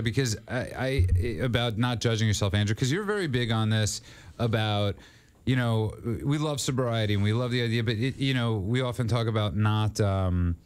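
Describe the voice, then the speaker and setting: A man's voice: medium pitch, clear, resonant tone. A man hosting a call-in radio show, earnest and encouraging, often repeating his words as he starts a sentence.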